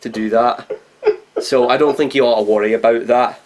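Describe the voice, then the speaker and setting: A man co-hosting a comedy podcast, trading quick jokes and laughing often. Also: mid-range voice, steady tone. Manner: joking, quick asides, laughs a lot. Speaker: podcast co-host.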